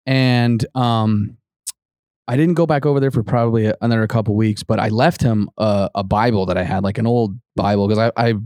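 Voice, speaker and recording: A man's voice: on the low side, fairly even intonation, a little fast, a little mellow, dry recording, studio quality. A man telling a ghost story to his co-hosts in a casual, rambling way, full of fillers and restarts, acting out what people said.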